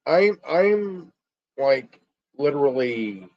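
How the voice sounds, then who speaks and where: A man ranting alone on his stream, angry, stumbling and repeating words, swearing and filling pauses with ums. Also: mid-range voice, sing-song. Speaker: stream host. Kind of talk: angry solo rant. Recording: dull lo-fi stream audio.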